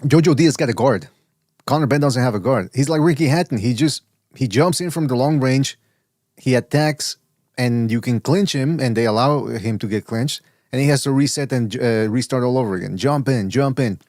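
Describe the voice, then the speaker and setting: A podcast co-host with a mid-range, slightly mellow voice and moderate pace chats casually about boxing. He rambles with many stammers and restarts and mimics other people's voices; the studio sound is clean with no echo.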